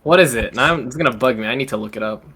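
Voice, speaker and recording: A man's voice: mid-range voice, rapid-fire, background noise. Giggly, swearing young man. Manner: laughs easily, swears a lot, loose and rambling. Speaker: podcast co-host. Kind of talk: casual chat.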